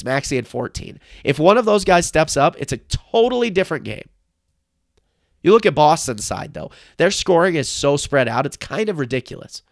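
A young man hosts a solo sports podcast, talking through a playoff game as an excitable, emphatic fan. His voice sits a little high with a gravelly fry. The recording is dry and close to the mic. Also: no echo. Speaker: podcast host.

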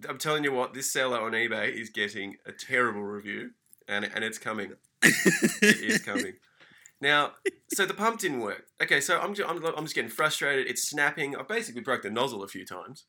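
A man on a casual podcast, telling a story as an animated, mock-furious rant. He swears freely and his tone is very bright and sharp. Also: mid-range voice, fairly quick. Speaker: podcast co-host.

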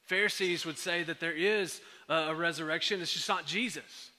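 A pastor delivering a sermon in a conversational way, full of fillers and restarts. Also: male voice, fairly high pitch, moderate pace, pushed and bright, big-room sound.

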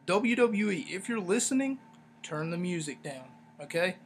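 A man's voice: high voice, animated, moderate pace, gravelly, slight background noise. Rambling, ranting podcast guy. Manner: rambling, ranting, sarcastic, lots of fillers. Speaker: podcast host. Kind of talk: casual solo podcast review.

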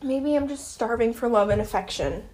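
A woman's voice: on the high side, moderate pace, darkish tone. Heated, swearing young woman podcaster. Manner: swearing, venting, gets heated; rambling, self-questioning. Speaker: podcast host. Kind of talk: casual solo podcast rant.

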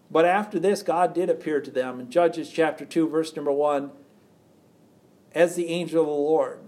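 A man preaching a sermon, reading scripture aloud and explaining it with rhetorical questions, dropping quiet for emphasis. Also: on the high side.

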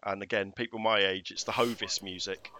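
A man's voice: on the low side, fairly even intonation, brisk, over a noisy crowd. A middle-aged man from England chatting casually as a podcast co-host, often tagging his remarks with questions. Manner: chatty, asks tag questions. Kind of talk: casual chat.

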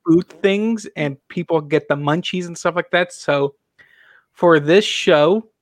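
A man's voice: a little high, normal speed, no echo, studio quality. A man hosting a casual podcast chat, rambling with many restarts and fillers. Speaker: podcast host.

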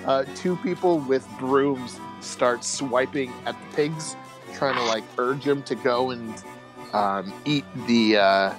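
Young male game master, mid-pitch, easygoing narration, faint music under. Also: slow pace. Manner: relaxed, descriptive, chuckling, many fillers.

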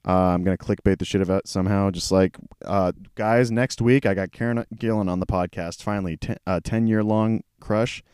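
Tired rambling podcast guy, smooth low voice. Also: fairly even intonation, moderate pace, hardly any pauses, darkish tone, no room sound, studio quality. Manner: rambling, profane, self-deprecating. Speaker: podcast host. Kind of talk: casual solo podcast chat. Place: small hot room at home. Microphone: camera mic.

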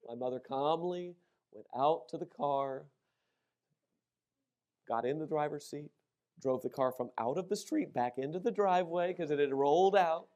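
Middle-aged male pastor, fairly high voice, lively storytelling sermon. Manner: animated storytelling, acts out shouted quotes. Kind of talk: sermon with personal stories.

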